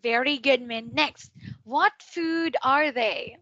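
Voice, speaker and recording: A woman tutoring English online over a video call, patiently correcting pronunciation and drilling words with slow repetitions. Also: sits high, bright, forceful tone, dry recording, highs cut off. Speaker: English teacher.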